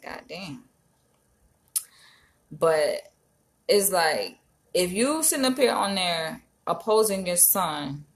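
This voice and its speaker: Woman vlogger, animated and emphatic, casual commentary. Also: lowish voice. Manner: animated, emphatic, frequent profanity.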